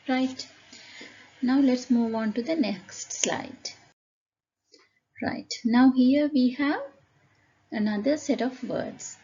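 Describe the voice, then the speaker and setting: A woman teacher giving a phonics lesson, reading word lists aloud slowly and deliberately, calling out each word loudly. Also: on the high side, muffled recording.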